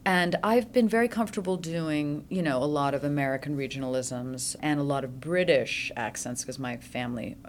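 A middle-aged actress chatting casually as a guest, lively and quick with laughs. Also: female voice, low-pitched, a little hiss or hum. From French Switzerland. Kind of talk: casual interview chat.

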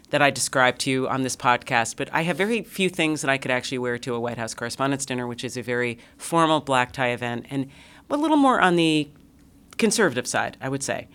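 A middle-aged woman hosting a podcast, telling stories in a chatty, self-mocking way and swooping high when she gets excited. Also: a little fast. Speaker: podcast host. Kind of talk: casual podcast chat.

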